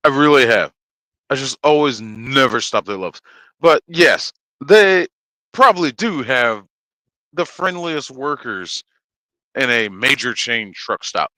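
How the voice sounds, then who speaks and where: A man's voice: medium pitch, slow, no room sound, rough recording. A man co-hosting a casual livestream chat, a truck driver who jokes and acts out voices. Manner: animated, jokey, acts out quotes loudly.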